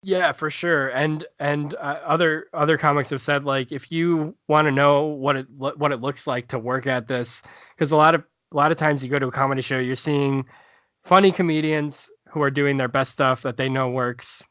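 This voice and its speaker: A man's voice: a little high, fairly even intonation, moderate pace, fairly bright tone, dry recording. A male stand-up comedian telling a story in a casual podcast chat, rambling with many fillers and restarts.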